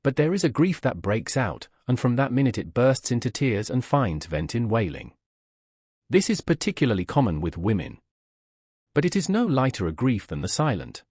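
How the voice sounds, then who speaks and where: A man narrating a classic novel as an audiobook in a measured, storytelling manner. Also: mid-range voice, a little mellow, slightly rough, dry recording, clean studio sound.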